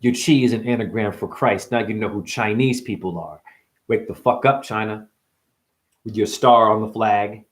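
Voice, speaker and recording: A man delivering a rambling spiritual monologue, full of swearing, wordplay and sudden swings from muttering to shouting. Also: normal speed. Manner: profane, wordplay-driven, jumps between wild pitch swings and mutters. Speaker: spiritual speaker.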